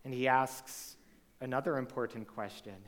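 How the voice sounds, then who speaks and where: A man's voice: mid-range voice, steady tone, normal speed, fairly bright tone. A male pastor preaching a sermon to a live congregation, talking conversationally and asking the room questions. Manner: conversational, asks the audience rhetorical questions. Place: church hall with a live congregation. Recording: long reverb of a large hall.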